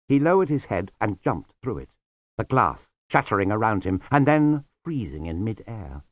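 A man narrating a story in a measured, expressive reading. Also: fairly low pitch, no room sound, dull audio. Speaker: audiobook narrator. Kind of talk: scripted narration.

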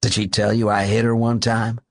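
A man reading the part of a bitter, bedridden man who seethes at his wife, speaking low and grim. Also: flat delivery, moderate pace, no echo, studio quality, natural voice.

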